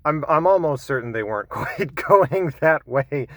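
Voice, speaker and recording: A man's voice: a little high, animated, moderate pace, a bit bright, no echo. A man giving a casual solo commentary, rambling with many fillers and self-corrections, with dry, wry asides.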